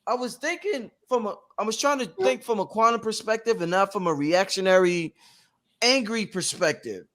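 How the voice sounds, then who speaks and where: A man hosting a panel talk, speaking in an animated, theatrical way. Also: sits high, normal speed. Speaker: host.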